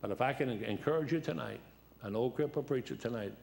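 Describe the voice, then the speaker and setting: A man's voice: mid-range voice, quick pace, gravelly, darkish tone. A seventy-year-old man preaching a folksy sermon in a church, joking and telling anecdotes in a worn, dried-up voice. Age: 70s. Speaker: guest preacher.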